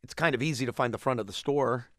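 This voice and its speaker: A man's voice: medium pitch, quick pace, fairly bright tone, no room sound, studio quality. A man co-hosting a talk show, casually retelling a news story in a rambling way with frequent chuckles. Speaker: radio show co-host.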